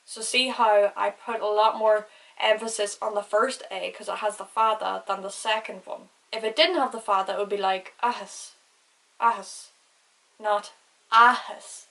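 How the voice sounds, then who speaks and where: A woman's voice: mid-range voice, steady tone, moderate pace, creaky, fairly bright tone, low-quality recording. A woman giving a casual language lesson who spells words out and stresses vowels carefully. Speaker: Irish language teacher.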